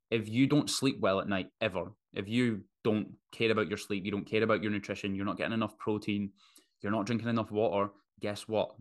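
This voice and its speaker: A man's voice: fairly low pitch, fairly bright tone. A man hosting a solo podcast, talking bluntly and casually with plenty of swearing. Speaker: podcast host.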